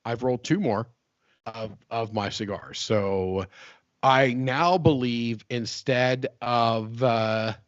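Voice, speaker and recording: A man's voice: medium pitch, slow, dry recording, highs cut off. A man from West Virginia co-hosting a casual podcast chat, rambling and repeating himself with frequent laughs. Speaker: podcast co-host.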